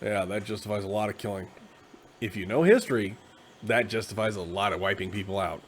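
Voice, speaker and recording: A tired man hosting a casual, rambling explanation of a tabletop game class, slipping into quick acted asides. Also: lowish voice, slight background noise. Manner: conversational, acts out quick quoted asides. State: tired, yawning.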